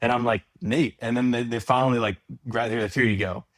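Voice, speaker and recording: A man's voice: medium pitch, steady tone, brisk, dry recording. A man hosting a podcast, chatting and joking casually with his guest. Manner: joking, easygoing interviewer. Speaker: podcast host. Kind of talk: casual chat.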